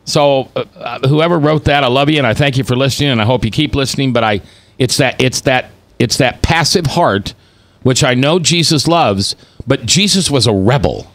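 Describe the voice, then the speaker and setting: A man's voice: mid-range voice, normal speed, fairly bright tone. A man in his fifties hosting a talk radio show, delivering preachy commentary and acting out the quotes he reads. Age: 50s. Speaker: radio host.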